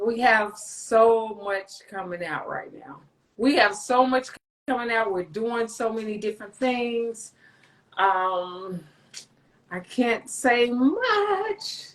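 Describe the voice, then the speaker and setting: A woman's voice: a little high, sharp tone, poor audio. A woman hosting a casual livestream, chatting in a loose, rambling way with plenty of swearing and jokes. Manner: loose, rambling, profane and joking. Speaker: livestream host.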